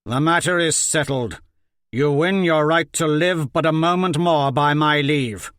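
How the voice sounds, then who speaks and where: A man voicing a cruel, arrogant lord who mocks and commands loudly. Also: on the high side, unhurried, smooth, no room sound, studio quality. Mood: mocking. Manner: scornful, loud, commanding.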